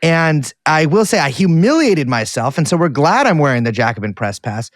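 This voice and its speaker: A man's voice: fairly high pitch, big pitch swings, normal speed, no room sound, clean studio sound. A man co-hosting a podcast, telling a rambling, self-deprecating story in casual chat with lots of restarts. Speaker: podcast co-host reporting back.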